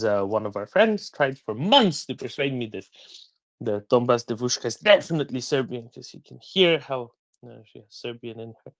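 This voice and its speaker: A man with an ordinary mid-range voice co-hosts a casual live chat. He speaks in a dry, amused and quick manner and passes the floor along. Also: medium pitch, fairly bright tone.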